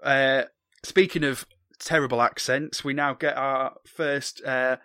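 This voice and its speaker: A man's voice: medium pitch, steady tone, slow, pushed and bright, clear, resonant tone, dry recording, clean studio sound. A man casually recapping a film on a podcast, joking and swearing with many ums. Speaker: podcast co-host.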